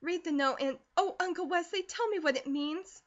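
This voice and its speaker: A woman's voice: very high voice, moderate pace, dull audio, voice pushed up. A woman voicing an anxious, earnest teenage country girl who pleads breathlessly. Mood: frightened.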